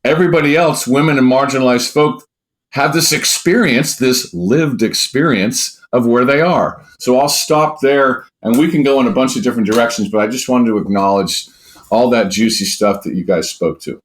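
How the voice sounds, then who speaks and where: A man speaking as a guest coach in an interview, emphatic and animated, who swears now and then and acts out quoted speech in a raised voice. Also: mid-range voice, normal speed. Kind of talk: conversational interview answers.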